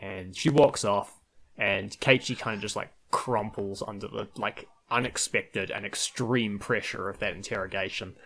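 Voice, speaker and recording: Podcast co-host, man, lowish voice, rambling, easy to laugh. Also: fairly even intonation, normal speed, gravelly, fairly bright tone, a little hiss or hum. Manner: rambling with frequent restarts, laughs often. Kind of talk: casual chat.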